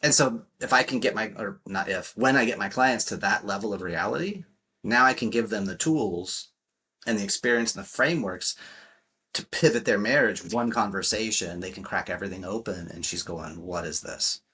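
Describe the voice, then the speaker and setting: Male coach, podcast guest; low, husky, forceful delivery, blunt and profane. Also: moderate pace. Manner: emphatic, blunt, swears freely, acts out quotes. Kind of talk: podcast interview talk.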